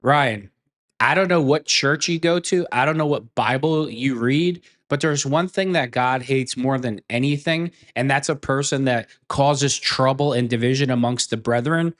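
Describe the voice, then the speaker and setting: A man's voice: a little high, normal speed, a bit bright. A man giving a heated opinion rant as an online commentator, blunt and profane, repeating phrases for emphasis.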